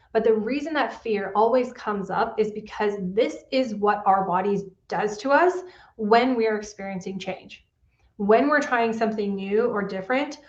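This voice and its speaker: Earnest woman coaching, roomy lo-fi sound. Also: fairly high pitch. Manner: coaching, earnest, often asks "right?". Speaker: pain specialist, podcast host. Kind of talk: solo podcast talk.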